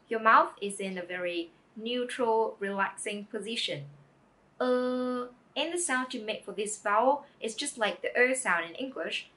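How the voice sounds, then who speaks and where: Slow, bright-voiced woman language tutor. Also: fairly high pitch. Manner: slow, careful, encouraging teacher. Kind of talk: pronunciation lesson.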